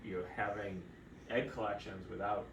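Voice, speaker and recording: A man, a fertility doctor, chatting casually and telling animated stories, with a distant mic in a roomy space and steady background noise. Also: on the low side, normal speed. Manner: animated storyteller, acts out quoted voices. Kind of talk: casual conversational storytelling.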